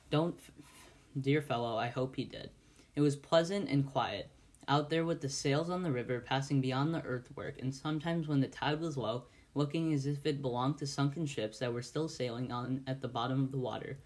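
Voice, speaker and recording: A man's voice: mid-range voice, a little mellow. A man giving an amateur audiobook reading of a classic novel, with frequent stumbles and restarts. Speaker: volunteer reader.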